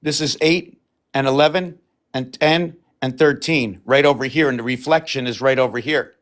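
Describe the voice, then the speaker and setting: A man talking alone on a live stream in a mid-range voice. He rambles from one idea to the next, gets excited, and drifts off his own point. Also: mid-range voice, moderate pace. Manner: meandering, excitable, loses his own thread. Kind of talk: rambling solo livestream talk.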